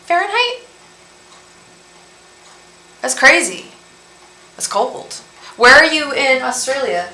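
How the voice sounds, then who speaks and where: A young psychic host chats her way through a tarot live stream, wandering from point to point as she speaks straight to the audience. Her voice is mid-range, bright and pushed, and the room adds noticeable echo.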